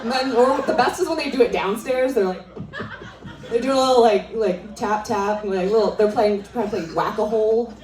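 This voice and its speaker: A woman's voice: fairly high pitch, a little fast, noisy background. A young adult woman performing a stand-up comedy set on a live club stage, teasing the crowd in a conversational way. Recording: roomy, distant venue sound with crowd laughter.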